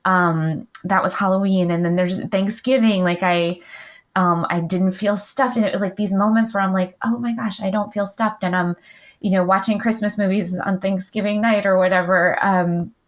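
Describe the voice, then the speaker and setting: A woman's voice: mid-range voice, fairly even intonation, normal speed. A middle-aged woman talking casually as an interview guest, chatty with many fillers and frequent light laughs. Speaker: podcast guest, client.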